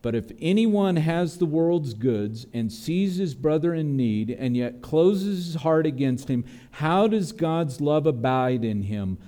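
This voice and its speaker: A man delivers an earnest sermon in a mellow, slightly high-pitched voice. He builds toward emphatic, raised peaks. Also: animated, slow, hardly any pauses. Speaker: pastor.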